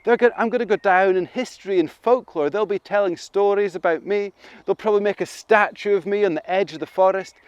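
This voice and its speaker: A man's voice: a little fast, clear, resonant tone, dry recording, dull audio, natural voice. A man voicing a proud, boastful male lion who calls himself king of the animals, in a storybook telling. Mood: smug. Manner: booming, roaring, self-important.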